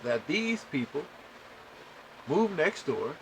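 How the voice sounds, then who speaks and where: A man hosting a podcast, telling a story to listeners in an animated way and acting out the dialogue. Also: fairly high pitch, takes it slowly, a little hiss or hum, poor audio. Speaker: podcast host.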